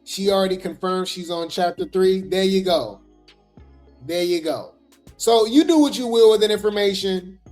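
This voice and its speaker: A woman's voice: mid-range voice, moderate pace, a little mellow, faint music behind. A woman hosting casual gossip commentary, chatty and sassy, talking straight to her viewers.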